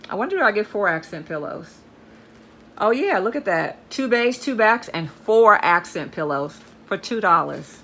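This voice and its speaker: A woman's voice: mid-range voice, big pitch swings, normal speed, fairly bright tone. A woman chatting enthusiastically as she shows off bargain finds, often calling out to her viewers. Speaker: haul vlogger. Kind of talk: casual show-and-tell chat.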